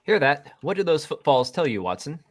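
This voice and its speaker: A man's voice: on the high side, big pitch swings, brisk. A man reading as an android playing a prim detective. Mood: deducing. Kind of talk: live table read.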